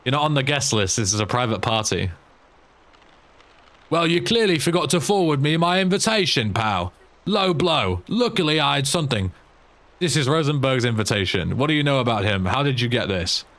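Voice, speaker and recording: A man's voice: mid-range voice, sing-song, moderate pace, fairly bright tone, voice pushed up. A man voicing a cocky London wide-boy hustler with a put-on Cockney accent and chirpy slang patter.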